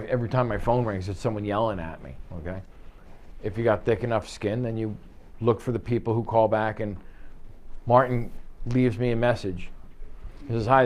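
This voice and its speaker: A man teaching a real estate sales class in an office, acting out phone calls in quoted voices. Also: on the low side. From United States. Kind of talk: office training talk.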